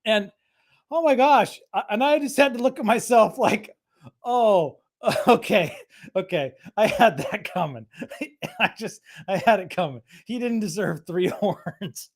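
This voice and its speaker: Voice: medium pitch, measured pace. Chatty, rambling livestream host. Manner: rambling, chatty storyteller with many restarts. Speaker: host of a live creator show. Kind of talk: casual livestream chat.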